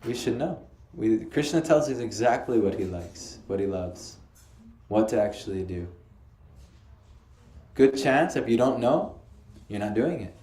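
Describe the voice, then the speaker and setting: Lively man teaching in an echoey room. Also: on the low side, a little slow, pauses often. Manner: lively, asks the audience questions. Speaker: spiritual teacher. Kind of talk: lecture on scripture to a small group. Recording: echoey room, faint ambience.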